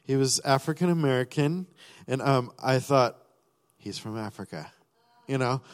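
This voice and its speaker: In a mid-range voice at normal speed, a man shares his personal story during a sermon, acting out his thoughts and prayers amid frequent fillers and restarts. The recording carries the long reverb of a large hall.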